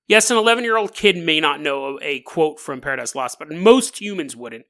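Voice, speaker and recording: A man's voice: a little high, expressive, fairly quick, sharp tone. A man hosting a comedic storytelling podcast, talking in a sarcastic, joking way and laughing often. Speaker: podcast host.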